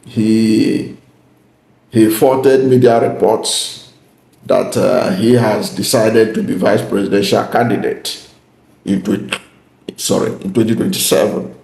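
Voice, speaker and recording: A man hosts a political commentary, speaking deliberately and pressing his points home. His voice sits low with a gravelly edge, and the recording rings with a roomy echo. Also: fairly even intonation, darkish tone. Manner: deliberate and emphatic, repeating key points. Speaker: channel host.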